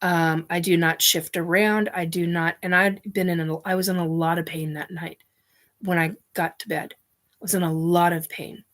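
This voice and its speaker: A woman's voice: fairly low pitch, level tone, normal speed, fairly bright tone. A woman host telling a personal story bluntly, with frequent restarts and casual swearing.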